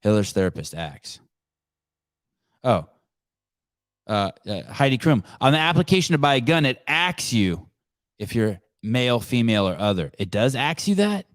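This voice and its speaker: A man's voice: mid-range voice, very animated, moderate pace, dry recording, clean studio sound. A man hosting a live call-in podcast, off-the-cuff, sarcastic and profane. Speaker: podcast host.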